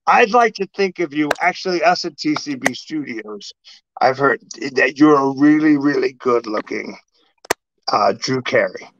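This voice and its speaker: A middle-aged man hosting a casual chat, an animated storyteller who acts out exchanges. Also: medium pitch, measured pace, slight background noise. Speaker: podcast host. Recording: dull lo-fi sound.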